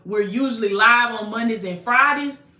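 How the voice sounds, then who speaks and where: A woman's voice: on the high side, normal speed, bright, forceful tone, echoey room. A woman with a Southern US accent, preaching prophetic declarations to her viewers, repeating lines and calling them baby. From American South. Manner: repetitive, calls listeners baby, decrees in Jesus' name. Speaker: motivational preacher and coach. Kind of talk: prophetic declarations and livestream pitch.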